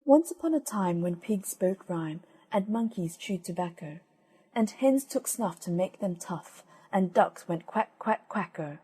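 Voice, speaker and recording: A woman reading old fairy tales aloud as an audiobook narrator, gentle and measured. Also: medium pitch, expressive, slightly rough. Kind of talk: storybook reading.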